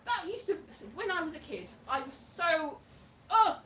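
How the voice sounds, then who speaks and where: A Welsh woman doing live stand-up comedy in a pub venue, animated and breaking into shouted Welsh words. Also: very high voice, measured pace, slight background noise. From Wales. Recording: roomy live room from a distance.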